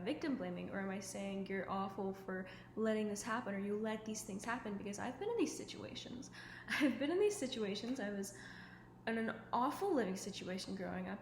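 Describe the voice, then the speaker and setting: A woman giving self-improvement advice to camera at home, talking casually and earnestly, with lots of "like" and "um". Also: medium pitch. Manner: earnest and chatty, full of "like" and "um". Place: at home indoors. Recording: echoey room with faint ambient noise.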